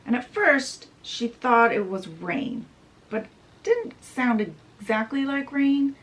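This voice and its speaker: Woman book reviewer, casual story summary, animated pitch, chatty asides. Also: takes it slowly, rough recording.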